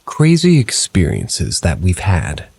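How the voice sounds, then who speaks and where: This is a scripted first-person paranormal narration by a man with a husky voice and a low, level storytelling tone. He takes his time, and the recording has no echo.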